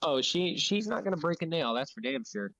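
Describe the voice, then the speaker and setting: A man's voice: on the high side, animated, brisk, creaky, fairly bright tone, no echo, low-quality recording. A man playing a tabletop game, tossing out dry, offhand remarks. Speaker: player. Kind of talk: casual tabletop play.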